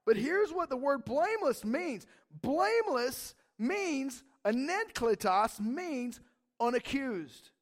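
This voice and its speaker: High-voiced animated man preaching. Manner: animated, slangy, playful, many fillers. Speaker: pastor. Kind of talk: casual sermon.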